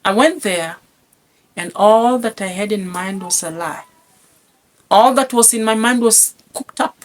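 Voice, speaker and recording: Man, guest storyteller; lively testimony, stammering repeats. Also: high voice, unhurried. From Kenya. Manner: animated storyteller, stammers and repeats words, acts out voices. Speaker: guest telling his life story.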